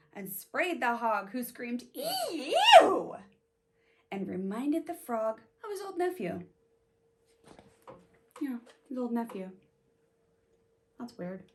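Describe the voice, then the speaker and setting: Lady reading a kids storybook out loud, slow and bouncy, lots of ups and downs, keeps asking the kids questions. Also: a little high, a little hiss or hum. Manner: animated, sing-song, asks young listeners questions. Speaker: storybook reader. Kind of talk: reading a picture book aloud to children.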